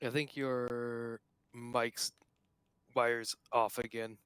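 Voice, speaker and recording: A man running a tabletop game in relaxed casual chat. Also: medium pitch, extremely slow, clear, resonant tone, no echo.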